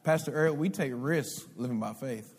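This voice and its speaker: A man's voice: medium pitch, normal speed, slight background noise. A male pastor preaching a sermon, calling out for responses from the congregation. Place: church sanctuary. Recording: live hall reverb.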